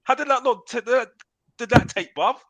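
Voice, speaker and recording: A man's voice: extremely high pitch, moderate pace, a bit bright, no room sound. A man ranting in a heated football debate, repeating "bruv" and talking over the others. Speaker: panelist on a football talk show.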